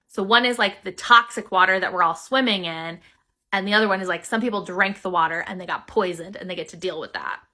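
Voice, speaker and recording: A woman's voice: medium pitch, sharp tone. A woman talking casually to the camera and explaining an idea, with frequent "like"s and a conversational flow. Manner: conversational, uses "like" often. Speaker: creator.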